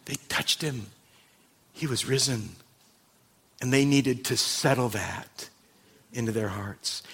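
A male pastor preaching a sermon, swinging from loud emphasis to hushed intensity. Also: mid-range voice, takes it slowly, slightly rough.

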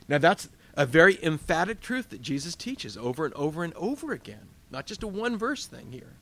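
Speaking at an ordinary speed in a voice that leans high, a male pastor preaches a spirited, emphatic sermon at a church service and keeps asking rhetorical questions.

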